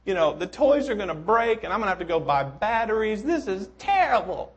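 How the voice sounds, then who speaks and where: A man's voice: high-pitched, sing-song, a little fast, voice pushed up. A man voicing a pessimistic young boy who complains about getting every toy. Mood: whining. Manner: complaining, dismayed. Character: whiny pessimistic young boy buried in toys.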